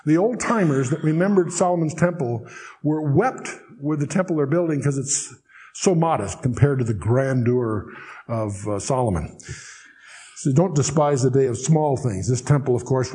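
A man teaching the Bible verse by verse, reading scripture slowly and solemnly, then explaining it in chatty, wry asides. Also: mid-range voice, warm tone.

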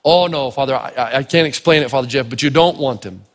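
A man's voice: medium pitch, fast, pitched below the performer's own voice, natural voice. A man voicing an apologetic caddy master who hesitates and pleads, recorded in an echoey hall.

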